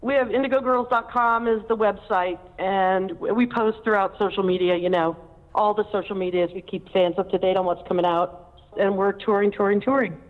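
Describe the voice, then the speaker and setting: A woman's voice: mid-range voice, steady tone, normal speed, narrow, tinny audio. Friendly woman guest in a reverberant hall. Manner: friendly, laughing easily. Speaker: guest musician. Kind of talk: casual chat.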